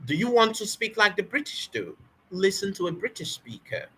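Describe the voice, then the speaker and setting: A woman's voice: mid-range voice, very animated, normal speed, fairly bright tone, slight background noise. A woman teaching spoken English in an emphatic motivational talk, repeating key words and asking rhetorical questions.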